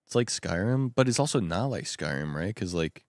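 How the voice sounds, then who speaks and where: Young guy rambling on, gravelly fry voice, bouncy up and down pitch. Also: moderate pace, dry recording, clean studio sound. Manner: rambling, excitable. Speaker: vlogger. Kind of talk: casual chat. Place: at home at night.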